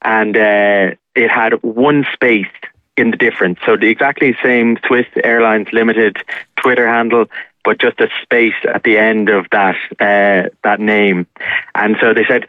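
A man's voice: lowish voice, steady tone, measured pace, dry recording. A man tells his story at length, wandering and filling gaps with uh. His voice comes through a narrow, tinny phone line. The sound is dry, with no room around it. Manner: rambling, frequent uh fillers. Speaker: caller sharing a scam story.

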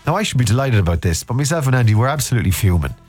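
A man's voice: medium pitch, sing-song, rapid-fire, a little mellow, soft background music. A man with an Irish accent, hosting a casual afternoon radio show while suffering a cold, slipping into mock-outraged comic rants. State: has a cold. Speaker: radio host.

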